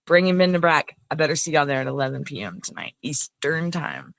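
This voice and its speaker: A woman's voice: very deep voice, expressive, fairly quick, vocal fry, no room sound. A woman hosting a casual livestream, chatting in a rambling way and greeting viewers by name. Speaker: livestream host. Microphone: phone.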